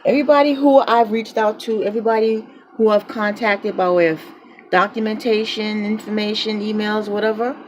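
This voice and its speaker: A woman's voice: mid-range voice, steady tone, moderate pace, a little hiss or hum, low-quality recording. A woman with a New York accent films her apartment and vents her anger with defiant, repeated phrases, laughing between lines. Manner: defiant, repetitive, laughs mid-rant. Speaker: public housing tenant vlogger. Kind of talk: angry phone-camera vlog. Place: apartment, indoors.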